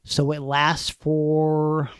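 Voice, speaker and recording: A man with a slightly high voice tells long stories on a casual podcast. He recounts old events in detail, slipping in dry asides. His voice is close on the mic in a dry, dead room. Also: completely flat delivery, very slow, clean tone, no echo. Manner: storytelling, recounts wrestling history with dry asides. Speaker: podcast host. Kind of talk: casual wrestling podcast chat.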